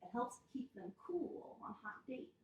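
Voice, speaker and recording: A woman leading a children's yoga storytime, speaking gently and encouragingly and making animal sounds. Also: on the high side, big pitch swings, measured pace, distant mic, dull audio. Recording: echoey room.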